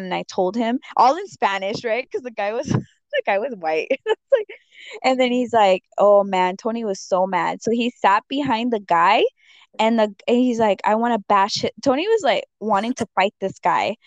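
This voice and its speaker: A woman's voice: medium pitch, no echo. Rambling woman telling a story, lo-fi. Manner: rambling, heavy on fillers, acts out quotes. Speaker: storyteller in a conversation. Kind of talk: casual storytelling chat. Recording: dull dry lo-fi audio.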